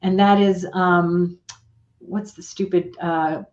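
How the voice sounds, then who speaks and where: A woman guest on a talk show, retelling a personal story in a chatty, animated way with quoted dialogue. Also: fairly low pitch, slow. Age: older. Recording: dull lo-fi remote audio.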